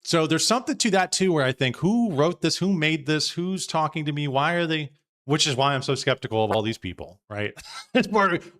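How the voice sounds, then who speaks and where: A man's voice: on the high side, animated, fairly quick, a bit bright. A man hosting a live podcast, thinking aloud in a casual, rambling way with frequent restarts. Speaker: podcast host. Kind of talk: casual live-stream commentary.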